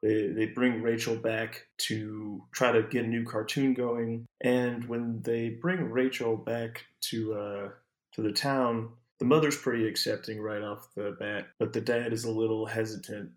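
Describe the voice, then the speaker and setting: A man's voice: medium pitch, level tone, a little slow. A man summarizing a story in casual chat, with hesitant restarts. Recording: roomy echo.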